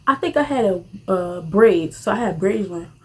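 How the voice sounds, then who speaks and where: A young woman, casually telling a rambling storytime while eating, animated and full of slang, jumping to high squeals when excited. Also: normal speed. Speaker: vlogger.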